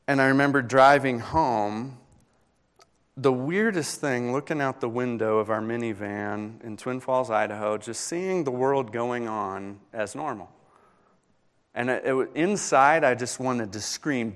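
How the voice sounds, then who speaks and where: Here a young pastor, his voice at a medium pitch, shares a personal story within his sermon. The telling is earnest and punctuated by pauses, steadily gaining intensity.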